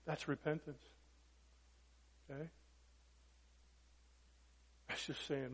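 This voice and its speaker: A man preaching a sermon emphatically, peppering it with rhetorical questions and swinging from loud to hushed. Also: sits high, moderate pace. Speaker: pastor. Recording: dull lo-fi recording with long hall reverb.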